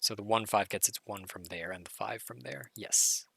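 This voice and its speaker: A hoarse man solving a logic puzzle live, muttering through his reasoning and self-correcting as he goes. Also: fairly low pitch, moderate pace, a bit bright. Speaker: puzzle streamer. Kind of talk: thinking-aloud live puzzle solve.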